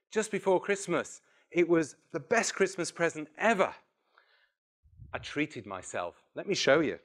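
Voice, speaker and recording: Middle-aged guy doing a storytelling talk to a crowd, animated, pokes fun at himself, bit of a high voice. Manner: animated, self-mocking, acts out phone calls. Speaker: public speaker. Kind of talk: storytelling talk to a live audience.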